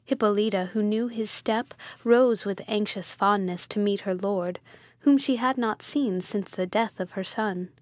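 A woman reads a Gothic novel aloud in a measured, steady way. Her voice sits at a middle pitch, and the recording is dry and close, with no room sound. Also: no room sound. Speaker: audiobook reader.

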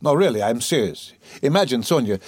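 A man's voice: mid-range voice, lively intonation, a little fast, darkish tone, husky, no room sound, studio quality. A man playing a brooding, irritable young man. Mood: tense. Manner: agitated, peevish, probing.

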